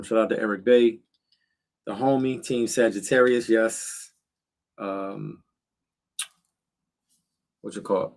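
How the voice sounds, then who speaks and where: A middle-aged man chatting casually on a livestream from a cold backyard shed, talking straight to his viewers with slang and fillers. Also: on the low side. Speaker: livestream host.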